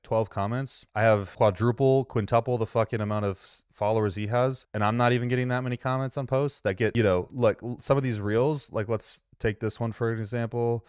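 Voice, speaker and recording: A man's voice: fairly low pitch, clean tone, dry recording, studio quality. A man hosting a casual reaction commentary, mocking and rambling with plenty of swearing. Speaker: commentary host.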